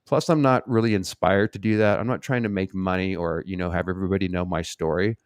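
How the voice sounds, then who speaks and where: A man with a very low voice hosts a casual live Q&A, reading out viewers' questions and answering them. He talks bluntly and swears freely, wandering through his points. The sound is dry and close. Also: steady tone, fast, no echo. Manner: blunt, rambling and profane.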